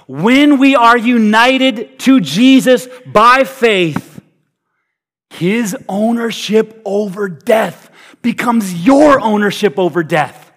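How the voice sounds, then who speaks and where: Male preacher with a high voice, humorous and energetic, moving from big hype to near-hush; in a large auditorium. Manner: energetic and humorous, swinging from loud hype to hushed, quiet delivery. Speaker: pastor. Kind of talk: sermon. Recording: reverberant hall.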